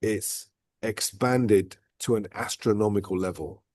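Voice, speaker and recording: A man's voice: lowish voice, fairly even intonation, unhurried, a little mellow, no room sound, studio quality. A man hosting a vlog, talking casually and at length, often tagging "right?" and "look" onto his points. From outside Dubai. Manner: rambling, repeats "right?" and "look". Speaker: vlog host. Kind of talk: casual reflective chat.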